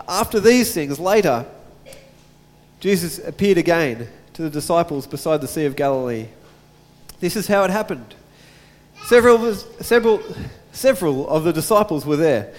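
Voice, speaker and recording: A pastor with a fairly high, expressive voice preaches at a moderate pace and reads scripture, with long reverb from the hall. Between verses, he chats casually with his congregation.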